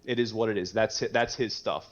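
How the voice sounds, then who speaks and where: A man with a low-pitched voice talks openly in a relaxed, conversational way. He rambles, leans on fillers, and drops the odd curse word. The recording sounds dull and lo-fi. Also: a little fast. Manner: rambling, frequent "you know" fillers, casual swearing, laughs easily. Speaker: podcast guest sharing his recovery story. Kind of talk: casual candid conversation.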